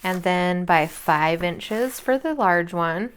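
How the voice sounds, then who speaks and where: A woman's voice: on the low side, lively intonation, slow pace, noisy background. A tired woman in her thirties chatting casually at home while she crafts, rambling with lots of fillers. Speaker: crafting vlogger and mother.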